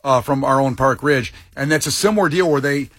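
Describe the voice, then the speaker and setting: A man's voice: mid-range voice, brisk, a bit bright, no echo. A man co-hosting a casual movie podcast, chatting in an easygoing way. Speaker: podcast co-host. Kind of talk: casual chat.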